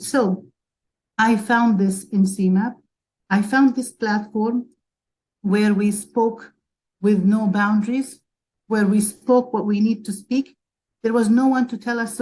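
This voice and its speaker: A woman's voice: mid-range voice, measured pace, dark tone, rough recording. A woman from Palestine speaking as a webinar panelist, emotional and urgent as she argues for advocacy. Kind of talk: impassioned advocacy talk.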